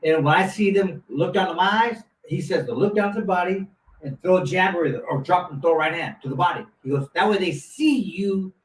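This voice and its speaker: Speaking at a slightly quick clip with a voice that sits high, this man, once a boxer and now in his fifties, rambles through an animated anecdote, restarting often and wandering into asides. The mic is far off, the room sounds roomy, and there's a faint hiss.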